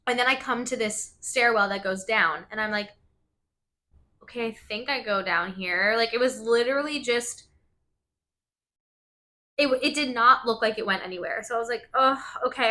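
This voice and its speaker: Woman, bright tone, podcast host, casual personal storytelling, swears, filler-heavy. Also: fairly high pitch. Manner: open and emotional in the telling.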